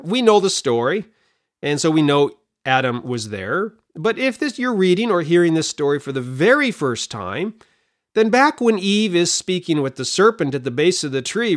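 A middle-aged man hosting a Bible study podcast, talking in an animated, chatty way that wanders off on side points. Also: on the high side, normal speed. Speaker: podcast host and Bible teacher.

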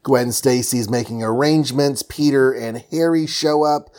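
A man's voice: medium pitch, moderate pace, a little mellow. Brief: male host, loose jokey comic recap, lots of ums. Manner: rambling, joking, many fillers.

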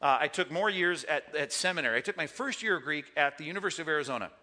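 Bright-voiced man teaching a sermon class. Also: fairly high pitch, lively intonation, rapid-fire. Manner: emphatic, joking asides, rhetorical "okay?" and "right?". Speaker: pastor teaching a Bible class. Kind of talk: teaching sermon on Greek grammar.

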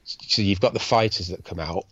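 A man's voice: deep voice, moderate pace, fairly bright tone, husky, no room sound. An English man co-hosting a podcast, chatting casually about arcade games and reading out tips in a jokey way. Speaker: podcast co-host. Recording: dull lo-fi dry sound.

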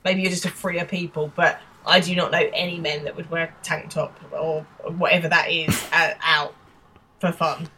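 A woman's voice: low-pitched, little pitch movement, normal speed, sharp tone, slightly rough, low-quality recording. A woman from England co-hosting a podcast, animatedly retelling a sitcom and voicing its characters' lines. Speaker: podcast co-host. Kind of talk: casual chat recapping a show.

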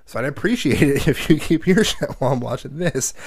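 A man in his thirties, with a brisk, slightly rough, higher-leaning voice, tells family stories in a casual chat. He's a profane, animated storyteller who swears a lot and acts out quotes. The recording is dry with clean studio sound.

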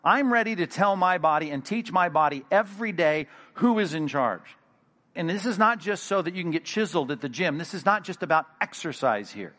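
A male pastor preaching a sermon in an animated, emphatic way, with sudden loud bursts. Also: sits high, fairly quick.

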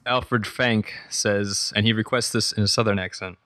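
A man co-hosting a casual podcast, quietly reading out listener messages. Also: lowish voice, fairly even intonation, normal speed. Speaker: podcast co-host.

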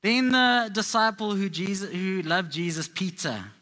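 A man with a high, bright voice preaches a sermon to a live congregation. He tells Bible stories in a playful, chatty way, as if talking with friends. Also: a little slow. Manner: playful, conversational storytelling. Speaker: pastor.

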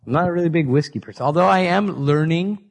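A man's voice: fairly high pitch, quick pace. Male co-host, thirties, easygoing wisecracker. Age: 30s. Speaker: podcast co-host. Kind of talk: casual chat.

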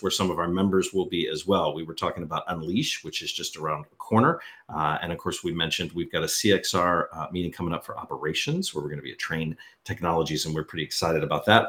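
A man's voice: low voice, a bit bright. A man hosting a podcast, upbeat and teasing in casual banter. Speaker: podcast host.

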